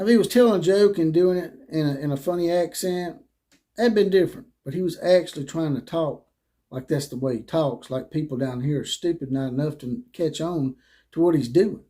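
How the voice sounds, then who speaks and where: A man's voice: mid-range voice, mellow. A man hosting opinionated sports commentary, talking bluntly with swearing and mockery.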